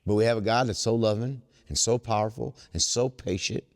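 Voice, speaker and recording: Earnest man preaching in an echoey hall. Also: lowish voice. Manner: earnest, preacher-like, slows down to stress lines. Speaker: twelve step workshop speaker. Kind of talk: recovery workshop talk.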